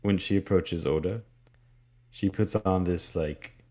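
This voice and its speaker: A man's voice: sits low, unhurried, warm tone. A man co-hosting a podcast, recapping a horror story in casual chat and acting out bits of it. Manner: acts out characters' lines in the retelling. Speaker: podcast co-host.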